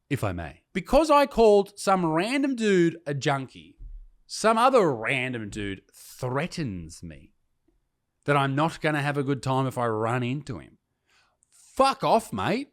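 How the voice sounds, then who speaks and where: A man, a comedian ranting sarcastically and with heavy swearing while reading comments aloud. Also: on the high side. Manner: sarcastic, profane, mocking. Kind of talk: reacting to comments, casual rant.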